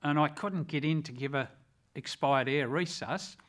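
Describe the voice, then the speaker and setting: A man's voice: fairly high pitch, fairly bright tone. Earnest older Australian man recounting. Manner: earnest, measured, reflective. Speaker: retired rescue officer, ambulance chaplain. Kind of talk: personal storytelling.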